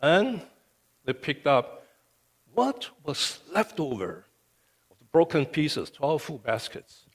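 A man's voice: a little high, very animated, slow pace, pauses often, breathy edge. Pastor guy preaching, voice jumps all over, big echoey church hall. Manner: emphatic, repeats "okay" often. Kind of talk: sermon. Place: church sanctuary. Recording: long reverb of a church hall.

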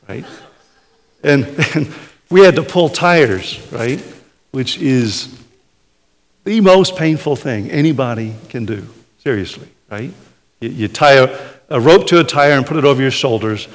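A man preaching a conversational sermon, often tagging his points with "right?". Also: on the high side. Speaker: pastor. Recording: hall reverb.

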